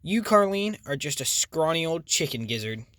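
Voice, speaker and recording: A griping, sharp-tongued older mother from a storybook, snapping her barbs, as a man puts her on. The read is dry and close. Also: medium pitch, brisk, no echo, lightly acted. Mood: snappish.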